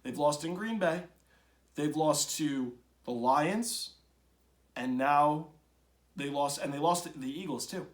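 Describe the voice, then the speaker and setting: A man with a high voice hosts a casual sports podcast. He rants bluntly, jumping from loud outbursts to low grumbling asides. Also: slow, long pauses. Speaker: podcast host. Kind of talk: casual opinionated sports talk.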